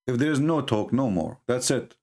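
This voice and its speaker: With lively intonation and a mid-range, slightly mellow voice at moderate pace, this livestream host sneers at religious debate, speaking English with non-native grammar.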